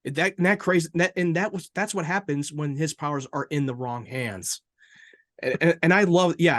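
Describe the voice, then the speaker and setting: Excitable man chatting, fairly high voice. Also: no room sound. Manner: excitable, swears freely, stumbles over words. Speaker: podcast co-host. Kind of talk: casual review chat.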